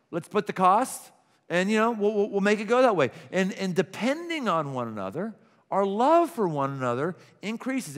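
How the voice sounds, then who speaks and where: A middle-aged man preaching a sermon, lively and animated, acting out little scenes with gasps and laughs. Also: high-pitched. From Pittsburgh. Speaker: pastor. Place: large church auditorium. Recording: long hall reverb from a church auditorium.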